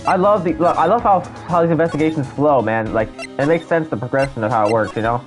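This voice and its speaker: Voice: mid-range voice, fast, hardly any pauses, faint music behind. Laid-back chatty gaming streamer. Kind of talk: casual let's-play commentary and reading dialogue.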